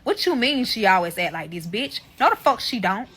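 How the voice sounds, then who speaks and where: A woman's voice: mid-range voice, normal speed, breathy edge, soft background music. Heated, foul-mouthed woman telling a story. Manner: heated, profane and animated, acting out both sides of arguments. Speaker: mother. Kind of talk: casual storytime monologue.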